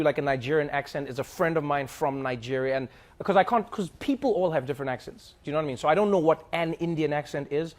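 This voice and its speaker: High-voiced chatty comedian man. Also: background noise. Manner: chatty, animated storytelling. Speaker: comedian host. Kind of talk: casual audience Q&A.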